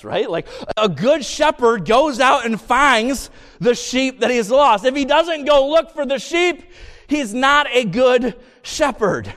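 A man preaching a sermon in church, reading scripture slowly and building to emphatic points. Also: very high voice, animated, a bit bright. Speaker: pastor. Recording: long reverb of a church hall.

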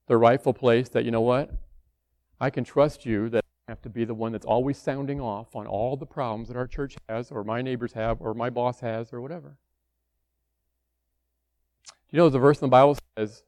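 A man preaches in an easy, conversational manner, often dropping into the fretful voices of his congregation. His pitch sits in the middle range for a man. The sound is dry, with little room echo. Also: moderate pace, vocal fry, pauses often, darkish tone. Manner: conversational preaching, acts out worried church members. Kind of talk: sermon.

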